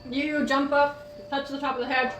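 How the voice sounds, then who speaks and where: Giggly woman game master, higher voice. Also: level tone, moderate pace. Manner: casual, giggly, filler-heavy. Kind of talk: narrating a tabletop game. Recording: echoey room, far mic, music behind.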